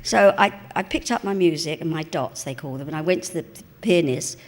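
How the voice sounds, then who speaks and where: A woman's voice: low voice, fairly quick. An older woman in her seventies with a broad London Cockney accent, chatting away on stage as a guest. She tells her stories in a rambling, self-mocking and bawdy way. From East End of London. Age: 70s. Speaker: guest interviewee. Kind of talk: anecdotal storytelling on stage. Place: cinema venue before a live audience.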